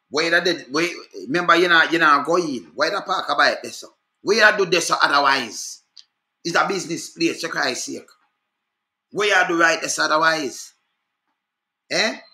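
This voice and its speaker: A man's voice: on the high side, pushed and bright, roomy sound. A Jamaican man vlogging on the spot, talking insistently and repeatedly checking that the viewer follows him. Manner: insistent, repetitive, calls out to viewer. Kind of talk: casual on-the-spot commentary.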